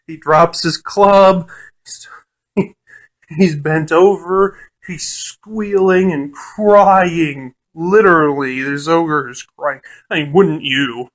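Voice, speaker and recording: A man casually recounting a tabletop game session, laughing often and swearing freely, with lots of fillers. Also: a little high. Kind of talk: casual storytelling.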